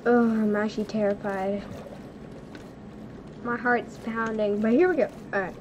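A young woman hosting a casual gaming video, excitable, giggly and nervous as she plays with a friend. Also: mid-range voice, unhurried, noisy background. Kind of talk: casual gameplay chat.

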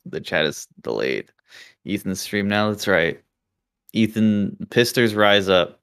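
This is a young man chatting on a livestream, full of sarcastic jokes and casual swearing. His voice sits low, and he trades quick riffs with his co-host. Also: expressive, a bit bright, clean tone. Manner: joking, sarcastic, swears freely. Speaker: streamer co-host. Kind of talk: casual stream chat.

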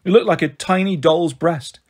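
Male audiobook reader, steady, breathy tone. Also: fairly high pitch, moderate pace. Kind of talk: storybook narration.

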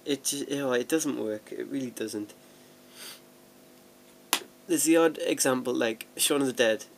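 A man's voice: mid-range voice, measured pace, gravelly, a little hiss or hum. A young man rambling casually in a home vlog, chatty and self-deprecating, laughing often and restarting his sentences. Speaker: vlogger. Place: at home sorting DVDs.

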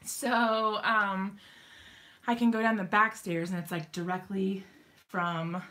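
A woman's voice: mid-range voice, steady tone, slow, bright, forceful tone. A woman hosting a crafting live stream from her home craft room, chatting casually and giggling, with many ums and likes.

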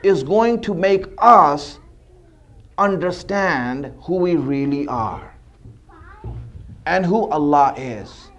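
A man's voice: a little high, animated, slow, pauses often, muffled recording. A man giving a conversational sermon, telling a story with lots of repetition. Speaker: religious speaker.

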